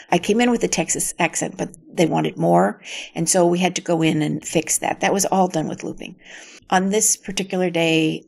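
An older actress in an interview, telling anecdotes in a reflective, storytelling way with a gravelly voice. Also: female voice, fairly low pitch, darkish tone.

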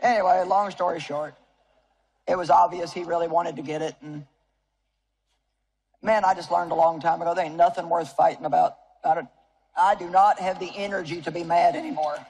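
A woman's voice: fairly low pitch, fairly even intonation, fairly quick, a little mellow, breathy edge. A woman in her seventies from Missouri preaching a sermon to a live audience, telling homey stories with humor and chatty asides to the crowd. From Missouri, United States. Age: 70s. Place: stage before an audience.

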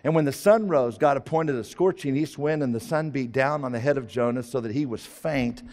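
A man preaching a sermon, animated, sometimes putting on high whiny voices for characters. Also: fairly quick, hardly any pauses, big-room sound. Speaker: pastor.

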